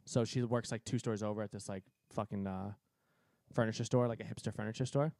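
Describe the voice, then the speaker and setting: A man in his twenties from Cape Cod, telling a story in a profane, animated way that is full of laughs. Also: on the low side, a little fast. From Cape Cod, Massachusetts. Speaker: podcast co-host. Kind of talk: casual storytelling.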